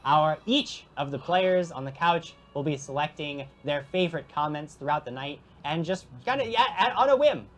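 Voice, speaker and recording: A woman's voice: low-pitched, lively intonation, moderate pace, hardly any pauses. Giggly woman hosting a tabletop stream. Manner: playful, giggly, promo-style announcing. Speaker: host and game master. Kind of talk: live-streamed tabletop game.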